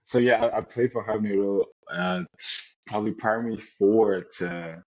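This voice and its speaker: Young adult male guest, very deep voice, easygoing anecdotes, muffled lo-fi recording. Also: moderate pace. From Nigeria. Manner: relaxed storytelling with many restarts. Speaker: guest, American football player. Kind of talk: casual interview chat.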